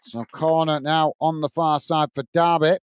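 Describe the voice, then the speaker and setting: A man's voice: a little high, flat delivery, normal speed, a little hiss or hum. A man with a Lancashire accent hosting a live football watch-along, giving running play-by-play and reading viewer comments aloud in a friendly, matey way. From England.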